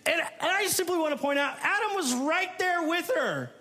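Male pastor, high voice, animated sermon delivery, playful asides. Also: moderate pace. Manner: animated, playful, acts out the people in the story.

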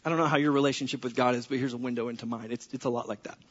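A male pastor preaching a sermon, acting out his conversations with God in an animated storytelling way. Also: medium pitch, very fast, highs cut off.

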